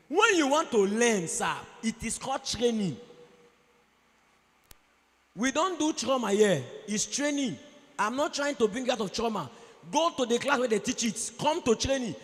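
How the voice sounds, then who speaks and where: Nigerian male conference speaker, high-pitched and animated, preachy delivery, long hall reverb. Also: normal speed. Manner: animated, preachy, acts out quoted voices. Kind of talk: motivational speech. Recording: echoey hall.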